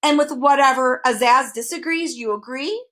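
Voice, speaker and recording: Storybook role: a woman voicing a clever, curious young boy, earnest and high. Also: moderate pace, sharp tone. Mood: reasoning. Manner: earnest, questioning.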